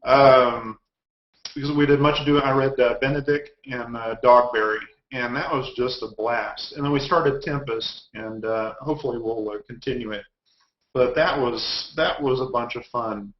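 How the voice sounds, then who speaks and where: A man's voice: medium pitch, moderate pace. A man with a Texan accent, a guest author chatting casually over a video call, telling wry, rambling anecdotes. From Texas. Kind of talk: casual chat. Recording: echoey, dull lo-fi web call.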